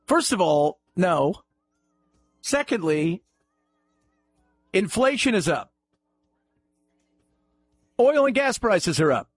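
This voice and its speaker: A man's voice: sits high, expressive, extremely slow, pauses often, no echo, soft background music. A man hosting a talk radio show, delivering a sarcastic, mocking monologue.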